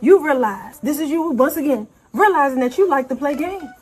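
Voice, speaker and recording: A woman's voice: high voice, animated, moderate pace, darkish tone. A woman hosting a live stream, giving a sassy, taunting monologue in a sing-song way and often tagging lines with "okay?".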